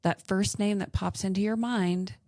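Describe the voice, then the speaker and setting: A woman's voice: medium pitch, steady tone, normal speed, warm tone, dry recording. Southern woman hosting a faith podcast; earnest, encouraging, dry close mic. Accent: Southern American. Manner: earnest, encouraging, giggly in bloopers. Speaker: podcast host. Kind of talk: casual podcast chat with faith reflection.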